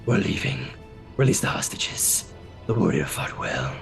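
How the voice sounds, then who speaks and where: A man voicing an honorable male warrior creature in a low, breathy, menacing growl. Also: sing-song, unhurried, music in the background, full character voice. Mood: commanding.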